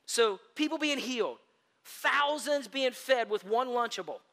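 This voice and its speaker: Man, pastor, sermon, high-pitched, lively self-mocking storyteller, long hall reverb. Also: unhurried. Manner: animated storytelling with self-deprecating humor.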